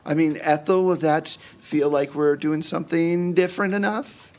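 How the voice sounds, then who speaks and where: A man's voice: on the high side, steady tone, normal speed. Man running a tabletop game. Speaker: game master.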